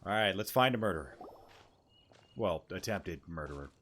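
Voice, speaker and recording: A man's voice: low-pitched, expressive, moderate pace, noisy background. A man commentating on a game in a casual, joking, sarcastic way, reading quest text aloud. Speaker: gaming video host. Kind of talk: casual let's-play commentary.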